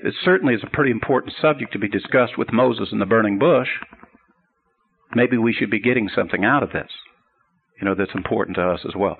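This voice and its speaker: A gravelly-voiced man teaches a sermon in an earnest, explaining way. His voice comes through a tinny, phone-like radio broadcast. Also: lowish voice. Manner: earnest, explanatory, builds up to a told joke. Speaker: Bible teacher.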